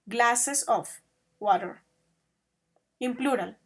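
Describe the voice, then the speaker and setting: A woman with a high voice teaches an online grammar class, moving between English and Spanish. She draws her example sentences out slowly and keeps calling her students affectionate pet names.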